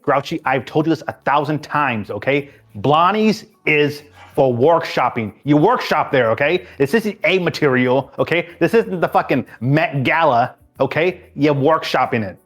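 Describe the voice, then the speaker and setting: A man's voice: on the high side, animated, normal speed, fairly bright tone. A man playing a harried male boss in an improvised comedy sketch, lecturing his clown employee, cursing and repeating himself. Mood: exasperated.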